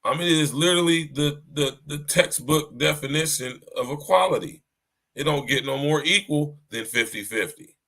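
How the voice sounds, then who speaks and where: Speaking at normal speed in a sharp voice on the high side, a man runs a livestreamed podcast where he preaches at listeners, repeats himself, and talks straight to them.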